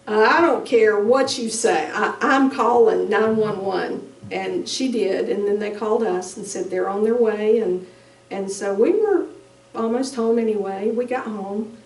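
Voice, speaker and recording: A middle-aged woman giving a halting, emotional personal testimony as a bereaved mother at a conference. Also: medium pitch, vocal fry, mellow. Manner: slow, halting, emotional storytelling. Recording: echoey room, distant mic.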